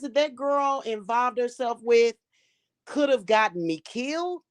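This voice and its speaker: A woman's voice: on the high side, animated, unhurried, dry recording. A woman hosting a casual livestream as a spiritual reader, telling stories in a blunt, profane and emphatic way.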